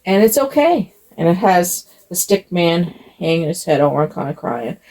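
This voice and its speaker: Older woman, doll-channel host; low, gravelly voice, gentle and chatty, loosely rambling. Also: big pitch swings, normal speed, rough recording. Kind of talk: casual talk to camera.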